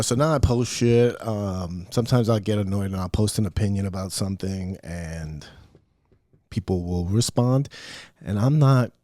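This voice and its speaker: A man's voice: lowish voice, darkish tone, no echo, studio quality. A middle-aged man hosting a podcast, rambling through a profane, self-mocking solo rant. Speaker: podcast host. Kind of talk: casual solo podcast monologue.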